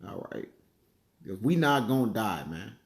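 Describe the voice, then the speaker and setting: A man giving a casual sermon, chatting loosely and reading Bible verses slowly while he hunts for passages. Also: lowish voice, very animated, creaky, echoey room. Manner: conversational, peppers lines with "man" and "all right"; reads verses slowly, searches aloud for passages. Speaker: bible teacher.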